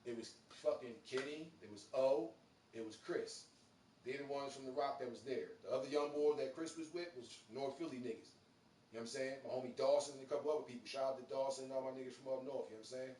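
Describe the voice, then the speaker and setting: A man in his thirties rattles off a story at a quick clip. He slips into the voices of his friends as he goes, and the street slang runs thick. He sounds set back from the mic in a roomy space with a faint hiss behind him. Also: mid-range voice, distant mic. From Philadelphia. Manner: animated, acts out quoted voices, streetwise slang. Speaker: radio show host. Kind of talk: casual storytelling on a live show.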